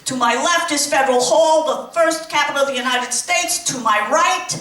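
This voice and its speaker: A woman's voice: high voice, moderate pace, fairly bright tone, distant mic. A woman doing a stand-up comedy set, delivering punchy jokes with rhythmic repeated lines. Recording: echoey room, from afar, noisy.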